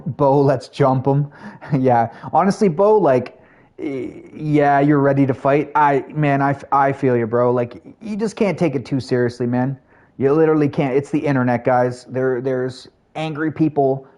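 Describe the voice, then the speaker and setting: A man's voice: mid-range voice, darkish tone. Chatty Canadian streamer guy. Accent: Canadian English. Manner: chatty, addresses chat and viewers by name, friendly filler-heavy talk. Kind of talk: casual live-stream chat while gaming.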